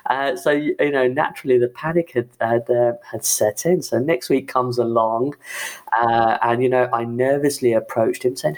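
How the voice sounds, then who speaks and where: A man, an IT manager, telling his own career story in a halting way, full of "you know" and "um". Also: medium pitch. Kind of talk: personal story talk.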